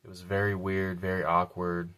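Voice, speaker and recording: A man's voice: low-pitched, monotone, moderate pace, a bit bright, clear, resonant tone. A man telling a personal story on his vlog, blunt and a little profane, repeating key lines for emphasis. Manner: blunt and profane, casual slang.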